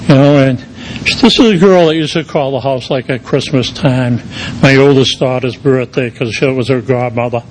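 A man's voice: medium pitch, normal speed, a little hiss or hum, poor audio. A middle-aged man, giving a personal recovery testimony in a rambling storytelling way full of "you know" fillers. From Quincy, Massachusetts area. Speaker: recovery meeting speaker.

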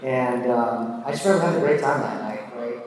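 A man's voice: medium pitch, fairly quick, far from the mic, background noise. Casual man telling his story in an echoey hall. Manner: casual, self-deprecating, many fillers. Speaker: speaker sharing his drinking story. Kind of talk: personal storytelling talk.

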